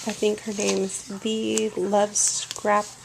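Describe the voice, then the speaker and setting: A woman's voice: medium pitch, monotone, slow pace, gravelly, background noise. A woman vlogging casually from her home kitchen as a homeschooling mother, chatty and meandering, explaining things as she goes.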